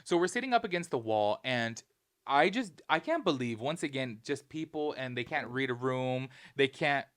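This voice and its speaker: A man co-hosting a casual podcast, recounting a story with plenty of emphasis and animation. His voice sits at an ordinary middle pitch. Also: expressive, moderate pace, fairly bright tone. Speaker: podcast co-host.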